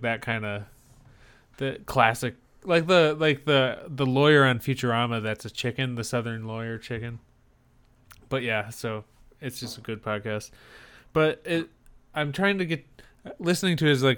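A man's voice: medium pitch, fairly bright tone, clear, resonant tone. A man co-hosting a podcast in casual chat, rambling with lots of fillers as he searches for words. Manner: rambling, many fillers and restarts. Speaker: podcast co-host.

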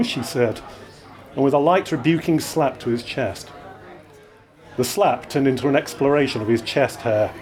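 A man reading a story aloud to an audience, with wry, expressive narration. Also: medium pitch, moderate pace, pauses often. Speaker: reader. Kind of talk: live reading of his own story.

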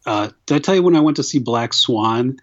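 A man's voice: mid-range voice, animated, brisk. A male podcast host in loose, casual conversation. He tells rambling stories, swears freely and breaks into laughter often. The audio is a little dull and lo-fi. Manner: laughing storyteller, profane, rambling. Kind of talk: casual chat.

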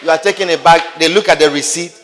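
A man's voice: fairly high pitch, fast talker, fairly bright tone. A male preacher giving a sermon who acts out everyday scenes and repeats key phrases for emphasis. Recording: long hall reverb.

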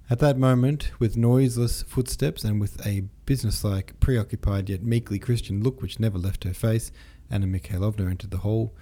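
A man narrating a classic novel in a low, husky voice with a dark, mellow tone. His reading is steady and unhurried, with the occasional small slip corrected on the spot. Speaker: audiobook narrator. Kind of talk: scripted narration.

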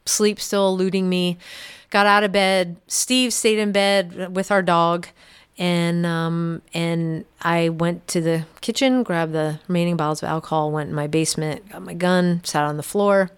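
A middle-aged woman, a podcast guest, giving an earnest, halting personal testimony in a quiet, reflective way. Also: lowish voice, clear, resonant tone.

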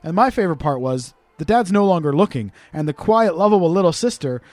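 A high-voiced man telling a story on his podcast with big swings in pitch. He is crude and quick to joke. The sound is dry and close. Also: dry recording, soft background music. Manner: animated, profane, comic storyteller. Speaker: podcast host. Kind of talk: casual storytelling chat.

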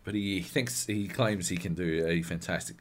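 A man co-hosting a podcast, chatting casually, animated and swearing often with bursts of laughter. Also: sits low, normal speed, noisy background. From Australia. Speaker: podcast co-host. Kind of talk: casual chat.

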